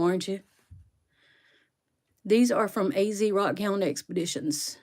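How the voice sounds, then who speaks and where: A woman's voice: medium pitch, a little slow, long pauses, a little mellow. Chatty woman live-streaming, a bit sniffly. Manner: chatty, talks back to viewers by name. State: sniffling from sneezing. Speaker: live-stream host unboxing rocks. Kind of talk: casual live-stream chat with viewers. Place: her bedroom. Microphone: phone on a stand.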